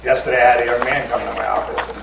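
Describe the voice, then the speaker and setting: A man in a discussion group sharing a personal story, halting, with many fillers and restarts. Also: medium pitch, little pitch movement. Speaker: group member. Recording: roomy and distant with background noise.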